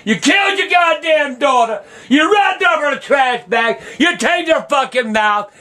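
Older grandfather, very high-pitched and sharp-edged, hollering profane rants at the TV; cast him as a nonstop curser. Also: expressive, unhurried, echoey room. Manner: shouting, cursing. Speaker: grandfather reacting to a televised verdict. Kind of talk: profane angry ranting.

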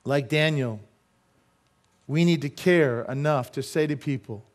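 A man's voice: fairly high pitch, moderate pace, darkish tone. A middle-aged man preaching a sermon as pastor, emphatic and full of rhetorical questions to the congregation.

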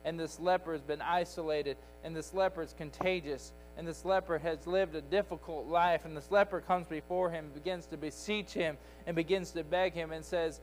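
A man preaches a Sunday school lesson, building each point through emphatic repetition. His voice sits a little high for a man, and faint music hums underneath. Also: fairly even intonation, moderate pace, few pauses, poor audio. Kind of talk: sermon. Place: church sanctuary.

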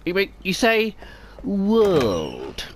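A man's voice: high-pitched, fairly even intonation, normal speed, sharp tone, slight background noise, voice pushed up. A man mimicking a posh male school headmaster who lectures in prim, over-careful speech. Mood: lecturing.

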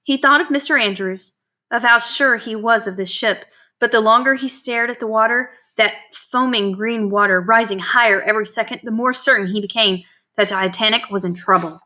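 A woman narrating a storybook in a clear, steady reading voice. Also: on the high side, moderate pace. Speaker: audiobook narrator.

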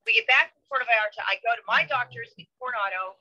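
A woman's voice: fairly high pitch, sing-song, fast talker, bright, forceful tone. A woman giving an interview guest's account, talking angrily and emphatically, swearing and often restarting her sentences. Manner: angry, emphatic, profane, with frequent restarts. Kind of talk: emotional interview talk. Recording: dull lo-fi sound.

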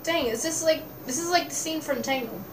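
A young woman streamer with a high, lively voice who keeps up profane, bemused commentary while she plays. She sounds a little distant in a roomy space, with loud game music playing underneath. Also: brisk. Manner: profane, bemused running reactions. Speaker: gaming streamer. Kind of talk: casual gameplay commentary.

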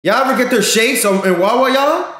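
A man's voice: very high voice, a little fast, fairly bright tone, reverberant. A man live streaming in casual chat, slangy and talking straight to his viewers, often repeating himself.

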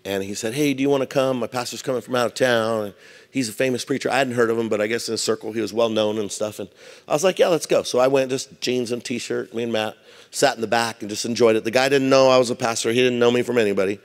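A man's voice: mid-range voice, quick pace. A man preaching a sermon as a pastor, conversational with humorous asides. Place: large church hall. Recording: long hall reverb.

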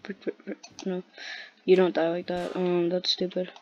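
A woman's voice: on the low side, monotone, moderate pace, darkish tone, muffled recording, slight background noise. A woman giving casual gameplay commentary, playful and muttering to herself, now and then chanting silly sounds. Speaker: gameplay video host. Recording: faint keyboard and mouse clicks behind.

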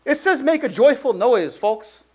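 A man with a strikingly high voice preaches in an easygoing, chatty way. He fills his sentences with "like" and tells stories with animation. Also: measured pace, breathy edge. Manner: conversational, heavy use of "like", animated storytelling. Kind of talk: casual sermon with personal story.

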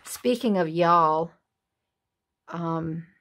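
A woman's voice: fairly low pitch, extremely slow, fairly bright tone, a little hiss or hum. A middle-aged woman hosting a craft video, chatting casually in a rambling, folksy way while she works in her craft room.

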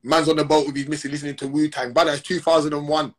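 A man holds forth on a phone livestream. His voice is husky and sits a little high for a man. His delivery is heated, slangy and full of repeated call-outs. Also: little pitch movement, racing. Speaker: Instagram live streamer. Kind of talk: confrontational live-stream rant.

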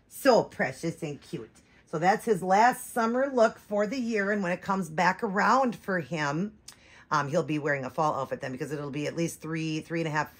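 A woman's voice: sits low, fairly bright tone, husky. A woman in her forties chatting to viewers, telling a long rambling story. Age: 40s. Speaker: reborn doll vlogger. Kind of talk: casual chat to viewers.

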